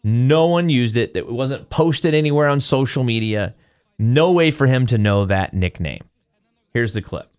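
A man's voice: medium pitch, measured pace. A male podcast host retells a story casually, acting out quotes as he goes. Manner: animated retelling, acts out quotes.

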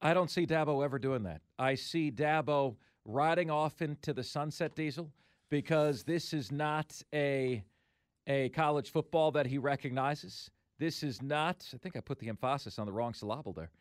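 A sports talk radio host with a notably high voice holds forth emphatically and with strong opinions, repeating his points to drive them home. He speaks at normal speed, and the sound is close and dry with no room around it.

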